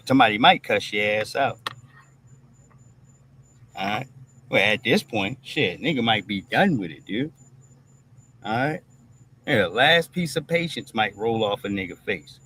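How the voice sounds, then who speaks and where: This streamed commentary host has a medium-pitched, bright voice with a forceful tone, and there's slight background noise. His monologue is blunt and full of profanity, and he asks "all right?" after nearly every point.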